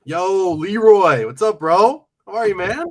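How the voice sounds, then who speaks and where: A man hosting a reselling livestream with a bouncy, very expressive voice. He greets viewers one after another with casual energy. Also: high voice, measured pace.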